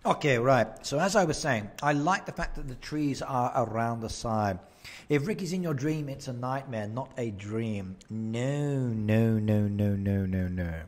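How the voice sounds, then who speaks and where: At a home streaming setup in Japan, a man with a medium-pitched, animated voice chats casually at a moderate pace on a live game stream. He answers viewer comments and laughs often into his desk microphone.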